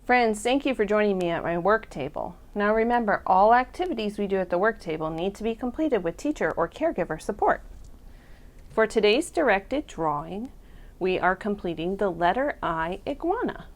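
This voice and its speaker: Lady preschool teacher reading a picture book, super expressive, voice bouncing all over. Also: medium pitch, normal speed. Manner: expressive, lively voices for animals. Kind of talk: children's storybook read-aloud.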